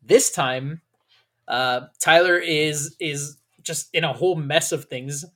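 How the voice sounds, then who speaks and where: A man co-hosting a casual podcast, talking fast, swearing and laughing often. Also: a little high, bright, forceful tone. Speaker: podcast co-host.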